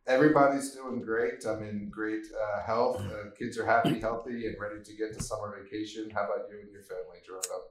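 A man co-hosting a podcast about markets, speaking in a measured way with frequent hesitations. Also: fairly low pitch, fairly even intonation, a little hiss or hum. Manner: measured, hesitant, many fillers. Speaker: podcast co-host. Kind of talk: casual market chat. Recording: echoey room.

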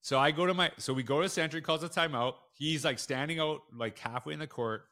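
A man, a school principal, telling stories in a casual podcast interview and acting out the quoted people with lively jumps in his voice. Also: brisk. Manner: animated, acts out quotes with big jumps in pitch.

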